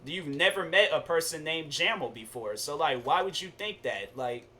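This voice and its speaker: A young man streaming a game, chatting casually with viewers and telling stories in relaxed slang. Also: a little high, moderate pace. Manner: laid-back, chatty, storytelling with slang. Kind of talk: casual gaming stream chat.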